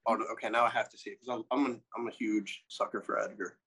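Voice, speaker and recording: A man guest in casual podcast chat, excitable and swearing freely. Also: fairly low pitch, fast, slightly rough.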